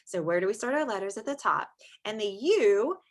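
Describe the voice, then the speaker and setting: A woman's voice: mid-range voice, expressive, brisk. A woman teaching young children phonics in an online small-group class, stretching out sounds in a sing-song teacher voice. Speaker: preschool teacher. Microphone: screen-share video call.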